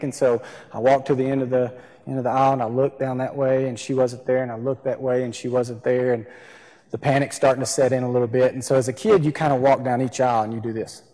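A man's voice: mid-range voice, darkish tone. A middle-aged male pastor preaching a sermon, telling a personal story and acting out the voices of the people in it. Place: church sanctuary. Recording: reverberant hall, husky voice.

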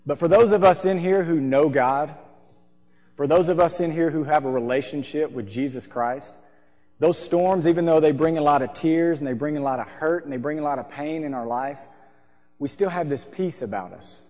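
Preacher guy, storytelling sermon, kinda high voice, long echo in the hall. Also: moderate pace, faint music behind. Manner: storytelling, animated, acts out voices. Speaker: pastor. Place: church stage.

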